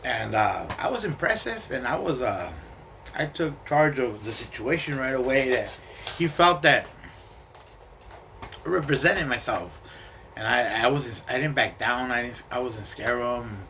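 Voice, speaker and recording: A man's voice: medium pitch, animated, unhurried, creaky, sharp tone, a little hiss or hum. A man telling a personal story casually, streetwise and profane, with slang and Spanish words mixed in.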